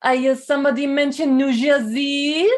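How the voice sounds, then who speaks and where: A woman's voice: sits high, steady tone, normal speed, natural voice. A woman voicing a flamboyant weather-controlling forest monster with a put-on French accent and a wacky voice, over a video call in improv comedy.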